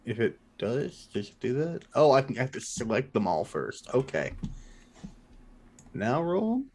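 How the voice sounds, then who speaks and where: A man acting as game master, chatting casually and thinking aloud while fiddling with game software. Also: mid-range voice, very animated, measured pace, a little hiss or hum. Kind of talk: running a tabletop game online.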